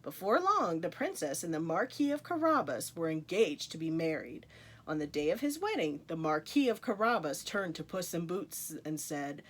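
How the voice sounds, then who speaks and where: Woman, children's storytime reader, animated asides, lively swinging pitch. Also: moderate pace. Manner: animated, playful asides to young listeners. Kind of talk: reading a picture book aloud to children.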